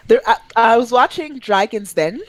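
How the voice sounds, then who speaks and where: A woman from Quebec chatting on a podcast, telling animated stories with sudden high-pitched outbursts and swearing freely. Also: moderate pace, poor audio. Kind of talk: casual chat.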